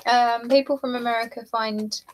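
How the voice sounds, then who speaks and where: A woman's voice: fairly high pitch, fairly even intonation, moderate pace, slight background noise. A young British woman from southeast England chatting casually with viewers on a livestream, reading comments and laughing often. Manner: chatty, giggly, reads out comments. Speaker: livestream host. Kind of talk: casual chat while painting.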